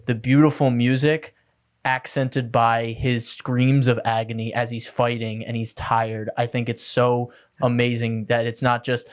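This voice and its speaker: A man's voice: mid-range voice, flat delivery, unhurried, few pauses, clear, resonant tone. A man co-hosting a podcast, chatting casually and enthusiastically about an anime episode, with many "like" fillers. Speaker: podcast co-host.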